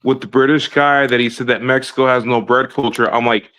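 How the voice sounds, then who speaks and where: A man chiming in on a podcast chat in an animated, profane way. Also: mid-range voice, brisk. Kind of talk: casual chat.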